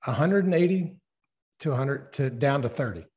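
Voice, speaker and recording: A man's voice: mid-range voice, animated, moderate pace, darkish tone. A man interviewing a guest, asking short questions and reacting with interest.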